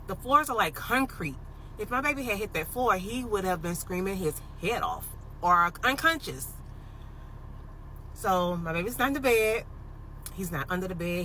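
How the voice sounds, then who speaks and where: A woman in her thirties, her voice sitting low, shares a personal paranormal tale in a casual, emotional vlog. She tells it in an animated way with plenty of "like"s, recorded on a phone in low quality with a bit of hiss or hum.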